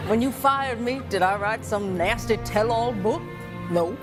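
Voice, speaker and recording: A woman's voice: on the high side, a little slow, natural voice. Sketch bit: a woman doing a sycophantic older Southern man, thick drawl, music running under it. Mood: fawning. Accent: exaggerated Southern US. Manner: sycophantic, folksy. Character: fawning older Southern man, politician impression. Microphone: TV studio sketch clip. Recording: sketch clip with music over it.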